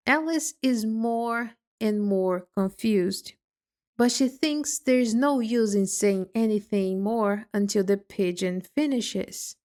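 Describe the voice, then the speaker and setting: Slow storybook narrator, a woman. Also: medium pitch, a little mellow. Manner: clear and deliberate. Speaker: storyteller for English learners.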